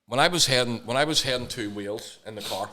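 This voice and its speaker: A man's voice: mid-range voice, fast talker, bright, forceful tone. A man co-hosting a podcast, telling stories in casual chat, blunt and swearing a lot. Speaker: podcast co-host.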